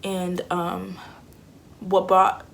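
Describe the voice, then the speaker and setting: A woman's voice: lowish voice, completely flat delivery, drawn-out words, gravelly, fairly bright tone, a little hiss or hum. A young woman, chatting candidly and acting out what people said. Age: 20s. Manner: candid and chatty, acts out quotes. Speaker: vlogger. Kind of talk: casual storytelling.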